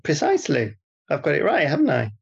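A man's voice: on the high side, wildly swooping pitch, a little fast, creaky, husky, dull audio. A man co-hosting a comedy podcast, bantering in a dry, teasing way. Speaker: podcast co-host.

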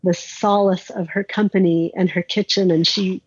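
A woman's voice: lowish voice, little pitch movement, normal speed, husky, no room sound, lo-fi sound. A woman being interviewed, recounting a personal story in a candid, conversational way, with many "like"s and restarts.

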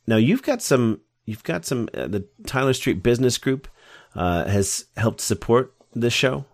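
A man's voice: mid-range voice, very animated, unhurried, vocal fry, no echo, studio quality. A man hosting a podcast, chatting in a rambling, enthusiastic way. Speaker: podcast host. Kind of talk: casual interview chat.

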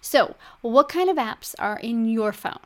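A woman's voice: on the high side, expressive, a little slow, fairly bright tone. A middle-aged woman hosting a podcast as a health coach, talking to the listener in a chatty, upbeat way. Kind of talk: scripted podcast monologue.

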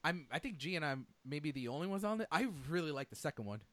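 A man hosting a casual movie chat with friends, enthusiastic and quick to laugh. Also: on the high side, animated, fairly bright tone, no room sound. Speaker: podcast host.

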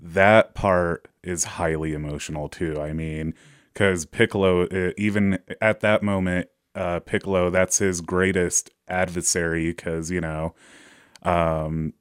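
A man's voice: low-pitched, flat delivery, a little slow, clean tone, no room sound, clean studio sound. A man chatting casually on a podcast, telling stories full of ums and uhs. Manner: storytelling with many fillers. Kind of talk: casual chat.

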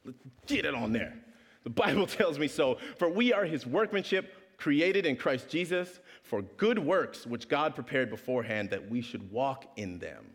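Male pastor, lively storytelling sermon, swooping voice, acts out characters, long hall reverb. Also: medium pitch, normal speed. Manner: animated storyteller acting out voices.

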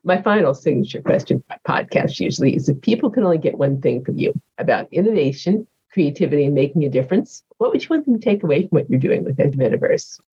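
Man, podcast host, husky, dry muffled recording, fast and lively. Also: fairly high pitch, no echo. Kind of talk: interview question.

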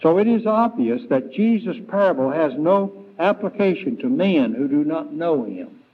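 Preacher, male, slightly high voice, very slow, halting delivery; thin phone-like 1990s tape. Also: animated. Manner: slow, deliberate, with frequent fillers and restarts. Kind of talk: Bible lesson sermon.

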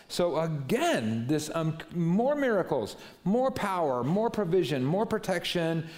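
A middle-aged man delivers a sermon, retelling scripture in loose, conversational language. His voice swings widely in pitch as he storytells. He sits at a medium pitch for a man. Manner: animated storytelling, paraphrasing scripture casually. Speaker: pastor.

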